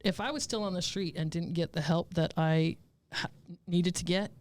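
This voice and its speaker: A woman's voice: fairly low pitch, normal speed. A woman police officer telling candid stories as a guest, talking bluntly, swearing freely and laughing as she goes. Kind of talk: candid conversational storytelling.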